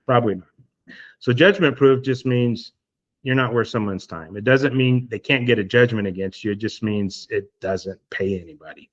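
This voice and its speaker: A man's voice: medium pitch, normal speed, highs cut off. A man guest on a podcast, talking through hypothetical scenarios in a casual, explanatory way with many fillers. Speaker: estate planning guest.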